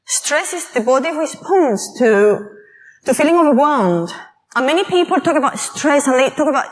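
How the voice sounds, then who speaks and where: A woman giving a conference talk on mental health, telling personal stories in an animated way and acting out quoted voices. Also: sits high, normal speed, poor audio. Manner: lively, animated storytelling with acted-out quotes. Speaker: conference speaker. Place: conference hall.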